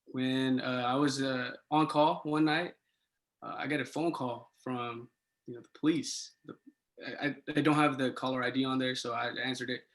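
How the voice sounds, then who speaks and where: A young man, a podcast guest, tells a casual story with animated swings and excited turns of phrase. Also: medium pitch, normal speed. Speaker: podcast guest, resident assistant.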